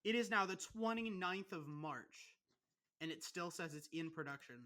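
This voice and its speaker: A young man holds forth on a casual podcast, cursing in nearly every sentence as he builds a rant. His voice is bright and forward, and his delivery stays animated and aggrieved. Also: high-pitched, normal speed. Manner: swears constantly, ranting, animated. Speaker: podcast co-host.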